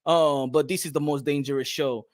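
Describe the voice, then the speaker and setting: A man with a Dominican accent hosting a boxing show in a casual live-stream chat, playful and loud, laughing often and mixing English with Spanish. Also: a little high, fairly even intonation, moderate pace, no room sound, clean studio sound. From Dominican Republic. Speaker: boxing YouTube host.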